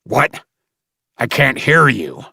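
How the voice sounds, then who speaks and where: A man's voice: on the low side, sing-song, slow pace, a bit bright, slightly rough, no room sound, clean studio sound, exaggerated voice. A man voicing a cruel, mocking male slaver leader in an audiobook, snarling and taunting. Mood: menacing.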